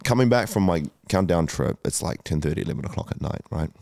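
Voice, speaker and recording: A man's voice: low voice, expressive, quick pace, creaky, a little mellow, dry recording, clean studio sound. A man, a guest telling a candid personal story, emotional, swearing often and using many fillers. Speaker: guest entrepreneur.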